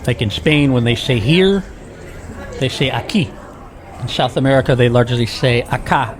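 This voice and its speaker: A man at a medium pitch and moderate pace chats with viewers while walking a busy city street, filming a relaxed tour vlog. The sounds of traffic and city life carry on behind him.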